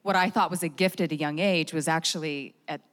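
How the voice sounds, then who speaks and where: Middle-aged woman, lowish voice, earnest and thoughtful, echoey room. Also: steady tone, fairly quick, a bit bright. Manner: earnest and reflective. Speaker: panel guest, producer. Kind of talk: reflective panel talk.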